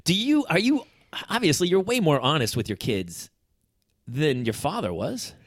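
A man's voice: fairly high pitch, moderate pace, no echo, studio quality. A man in his fifties hosting a podcast, chatting casually and acting out quotes. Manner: animated, acts out quotes. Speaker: podcast host. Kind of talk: casual interview.

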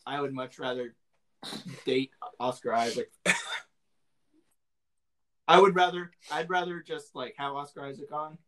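A young man co-hosting a podcast in casual chat, animated and laughing often. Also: mid-range voice, unhurried, long pauses, a little hiss or hum. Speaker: podcast co-host.

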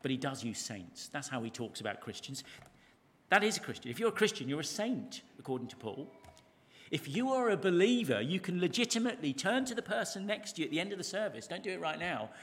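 A man preaching a sermon to a church congregation, animated, stretching key words out for emphasis and asking rhetorical questions. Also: fairly high pitch, brisk. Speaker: pastor. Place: church service, large room. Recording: long church reverb.

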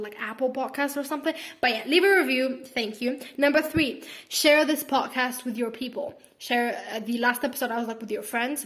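This podcast host is an eighteen-year-old woman with a higher voice, delivering a casual solo monologue. She rambles chattily, leaning heavily on "like" and "whatever," and affectionately calls her listeners sweetie.

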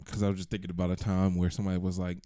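A young man from Georgia, USA, co-hosts a podcast in casual, laughing chat, talking over his co-host. His voice is low and very fast, captured in a dry, studio-quality recording. He comes across as animated.

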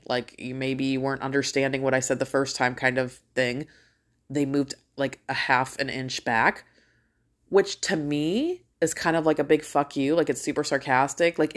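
This middle-aged vlogger has a bass voice and speaks at a moderate pace. Her casual rant to viewers is a story told with blunt honesty and plenty of profanity.

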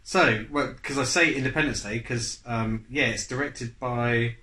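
A man's voice: medium pitch, a little slow, bright, forceful tone. A man co-hosting a casual film podcast, rambling with restarts and easy agreement. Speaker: podcast co-host. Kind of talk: casual chat. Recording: roomy room sound.

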